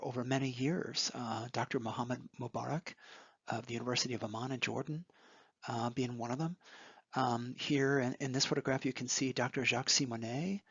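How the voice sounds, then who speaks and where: A man's voice: medium pitch, fairly bright tone, slightly rough, no room sound, dull audio. A man recalling his graduate school years while talking over photographs, hesitant, with frequent ums and restarts. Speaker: former graduate student. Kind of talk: recorded reminiscence over photo slides.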